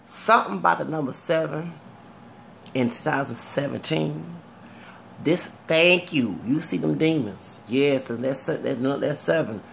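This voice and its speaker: A man's voice: a little high, measured pace, gravelly, slight background noise. A man from Texas with a Southern accent, talking straight to the camera in a rambling commentary and often checking whether the viewer gets his point. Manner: rambling, keeps asking the viewer if they get his point. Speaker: vlogger. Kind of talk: casual commentary rant.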